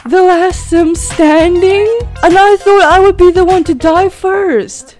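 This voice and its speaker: A woman's voice: very high-pitched, measured pace. A woman commentating on a chaotic life-sim game, gasping, laughing and exclaiming as she reacts. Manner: excitable, gasping and exclaiming at the chaos. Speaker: gaming video creator. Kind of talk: let's play commentary. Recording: faint game music behind.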